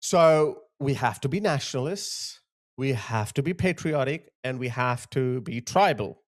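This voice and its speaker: A man's voice: medium pitch, animated, a little slow. A man giving impassioned video commentary, emphatic and indignant, driving his points home by repeating phrases. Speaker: political commentator.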